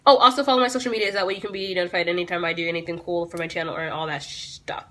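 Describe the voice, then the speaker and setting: Sassy, bright-voiced teen girl vlogger. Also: lowish voice, fairly even intonation. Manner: sassy, blunt, swears freely; quick asides and self-aware laughs. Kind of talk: storytime vlog.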